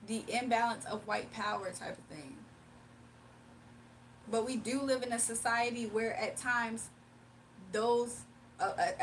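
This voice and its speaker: A young woman with a fairly high voice chats playfully on a livestream, laughing and talking straight to her viewers. She sits a little back from the mic, with faint room noise behind her. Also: a bit bright, far from the mic. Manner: playful, laughing, talks to chat. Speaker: livestream host. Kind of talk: casual livestream chat.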